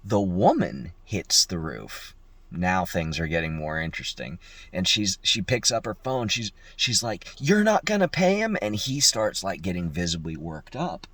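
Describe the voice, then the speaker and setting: A man's voice: low-pitched, unhurried, husky, no echo. A young man, a locksmith, telling a work story in a casual, profane way and mimicking the people in it. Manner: profane, animated, mimics voices in quotes.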